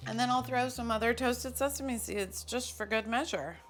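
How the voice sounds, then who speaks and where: A woman's voice: a little high, moderate pace, fairly bright tone, soft background music. A woman hosting a cooking show, talking casually and poking fun at herself while she cooks in a kitchen. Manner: chatty and self-mocking, with frequent laughs.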